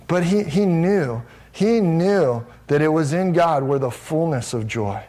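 A man's voice: fairly high pitch, darkish tone. A man preaching a sermon, earnest and emphatic, often restarting his phrases as he works through a psalm verse by verse. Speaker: pastor.

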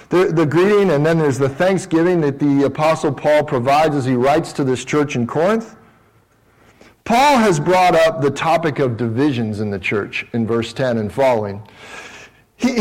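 A male pastor preaching a sermon in a relaxed, talky way. His voice sits a little high for a man, and he often stumbles over and repeats words as he works through a point. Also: low-quality recording. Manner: conversational preaching with frequent restarts.

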